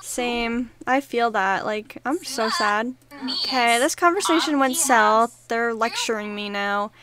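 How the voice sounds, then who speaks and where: A woman's voice: a little high, animated, unhurried, a crowd in the background. A young woman casually commenting on her life-simulation game, chatting along and voicing her characters' lines in a playful running commentary. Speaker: gaming YouTuber. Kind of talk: casual let's-play commentary.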